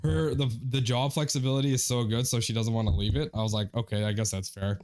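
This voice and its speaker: A man's voice: medium pitch, fast. A young man co-hosting a podcast, casually retelling a story, acting out his friends' lines and swearing often. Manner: animated storyteller, quotes friends in their voices, swears a lot. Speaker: podcast co-host.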